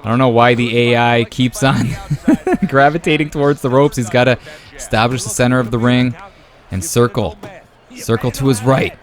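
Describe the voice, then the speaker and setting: Excitable man calling a boxing game. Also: medium pitch, moderate pace. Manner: excitable, jumps to loud exclamations at big moments; casual, says "man" and "brother". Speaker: YouTube sports host. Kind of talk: casual play-by-play commentary of a boxing video game.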